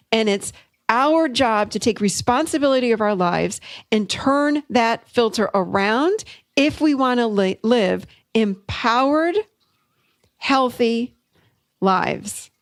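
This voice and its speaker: A middle-aged woman hosting a podcast, telling a coaching story in an upbeat, animated way. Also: on the high side, slow pace, no room sound. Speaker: podcast host and therapist. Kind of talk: solo teaching talk.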